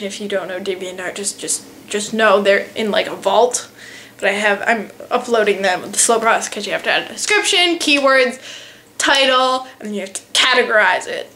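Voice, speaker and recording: A teenage girl vlogging, telling a funny travel story in a casual, animated, self-mocking way. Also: a little high. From United States. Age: teens.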